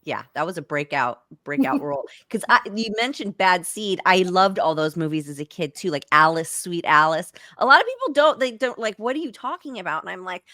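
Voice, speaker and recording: A woman hosts a casual interview, reacting with effusive enthusiasm. Her bright voice swings widely in pitch, and it sounds dry and close with no room around it. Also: big pitch swings, brisk, hardly any pauses, dry recording. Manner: effusive, eager questions. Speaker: podcast host.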